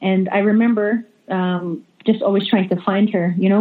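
A woman's voice: medium pitch, steady tone, moderate pace. A woman who is a religious sister, a guest in a remote interview, telling a story with many fillers and restarts. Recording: echoey, phone-like remote call audio.

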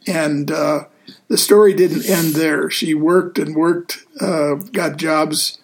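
A man hosting a casual talk show as a deacon, speaking in an earnest, easygoing way with frequent pauses. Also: on the high side, steady tone. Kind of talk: casual radio show chat.

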